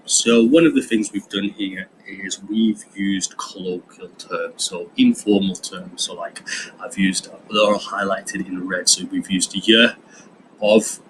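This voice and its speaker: A man's voice: lowish voice, steady tone, unhurried, slight background noise, rough recording. A man, a drama teacher explaining a lesson in a chatty way with fillers. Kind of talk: recorded online lesson.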